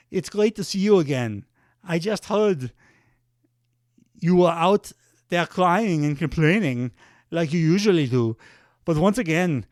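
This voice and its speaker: Smug German wrestler heel, sneering and condescending, as a man plays him; a high, dry voice. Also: darkish tone, no room sound. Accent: German, put on. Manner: mocking, condescending taunts.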